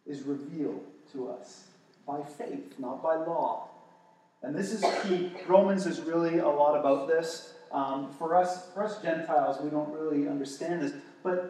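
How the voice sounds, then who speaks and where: A man teaching the Bible to a small group, excited and often restarting his words. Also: fairly high pitch. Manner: enthusiastic, stumbling restarts. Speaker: preacher. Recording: echoey distant room recording.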